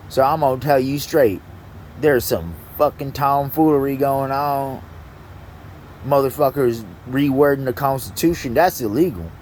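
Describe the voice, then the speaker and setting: Brief: man in a one-person rant, mid-pitched voice, heavy swearing, halting delivery, faint noise behind. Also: darkish tone. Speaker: vlogger. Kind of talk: angry profane rant.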